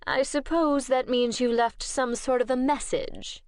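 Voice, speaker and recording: A woman's voice: sits high, fairly even intonation, a little slow, clean tone, dry recording, studio quality, voice pushed up. A woman voicing a cold, imperious vampire lord. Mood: coldly imperious. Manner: clipped and imperious. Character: cold, commanding older male vampire lord.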